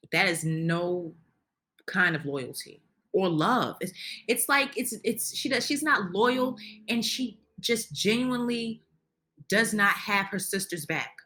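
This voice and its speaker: Bright, fired-up woman ranting. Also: medium pitch. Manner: heated, indignant ranting with many restarts. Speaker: reality TV commentator. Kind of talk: opinionated recap commentary.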